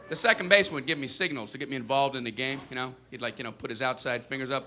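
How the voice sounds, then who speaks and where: A man doing stand-up comedy, telling stories and bursting into shouted voices of other characters. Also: medium pitch, lively intonation, a little fast, pauses often. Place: comedy stage. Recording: live show with crowd laughter and noise.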